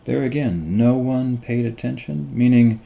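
A middle-aged man works through a Bible passage slowly, often stumbling over repeated words before pressing his point. His voice is dark and gravelly, with a rough fry under it. He asks rhetorical questions to drive home each lesson. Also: medium pitch, lo-fi sound. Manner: halting, repeats words and restarts. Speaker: Bible teacher. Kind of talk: slow unscripted Bible teaching.

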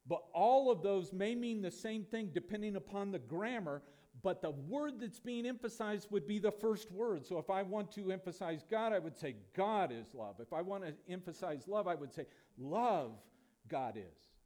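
A man's voice: high voice, normal speed, few pauses, dark tone. A pastor preaching a sermon to his church, emphatic and full of rhetorical questions.

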